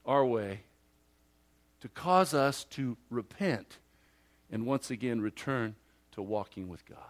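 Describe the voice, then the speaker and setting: A male pastor preaching a sermon emphatically, swinging from loud declarations to hushed asides and acting out imagined listeners. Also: high voice.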